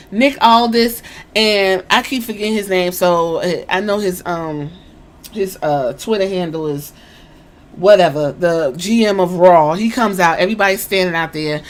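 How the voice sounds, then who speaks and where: An animated woman hosts a podcast and tells a story with plenty of excitement. She swears casually and talks in a loose, chatty way. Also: a little high. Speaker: podcast host.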